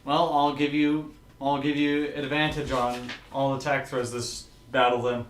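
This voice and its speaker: Casting note: male game master, mid-pitched, halting delivery with frequent pauses. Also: flat delivery, a little hiss or hum. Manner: halting, many fillers and restarts. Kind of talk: running a tabletop game.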